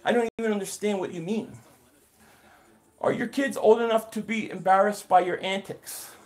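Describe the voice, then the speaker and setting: Host, man, higher voice, energetic play-by-play on a live stream, chats with his viewers. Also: moderate pace. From Philadelphia area. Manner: excited play-by-play calling, reading and answering chat. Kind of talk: live game reaction stream.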